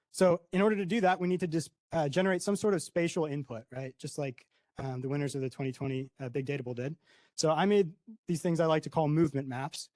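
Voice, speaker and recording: A man's voice: a little high, a little mellow, no room sound. A young man giving a conference talk, explaining slides casually with frequent ums and a questioning "right?". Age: young adult. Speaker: conference presenter.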